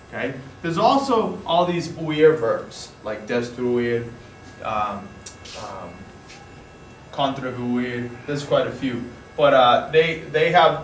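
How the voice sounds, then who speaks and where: A man's voice: a little high, slight background noise. A man teaching a grammar lesson in an informal style, explaining step by step with frequent restarts, recorded from a distance in a room. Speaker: Spanish teacher. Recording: echoey room, mic far off, faint ambience.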